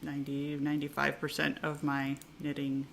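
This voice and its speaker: Female co-host, low voice, easygoing chat, pauses often with ums. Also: vocal fry, a little hiss or hum. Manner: relaxed, with frequent ums and uhs. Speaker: podcast co-host. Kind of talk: casual chat. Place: yarn shop. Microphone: recorded on camera.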